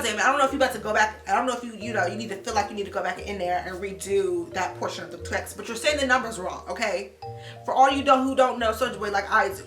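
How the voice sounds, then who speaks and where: Young woman vlogger, casual and animated, many fillers, mid-pitched, roomy echo with music underneath. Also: fast talker. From Columbus, Ohio, USA. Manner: animated, filler-heavy with frequent "like". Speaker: vlogger reviewing a language course. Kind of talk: casual chatty review. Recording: echoey room with music behind.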